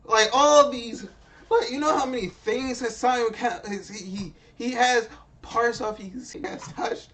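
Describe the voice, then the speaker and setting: A young man reacting to clips in casual, profane commentary, excitable and stumbling over his words. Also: very high voice, unhurried, a little hiss or hum. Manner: excitable, profane, stammering and restarting. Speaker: reaction video host.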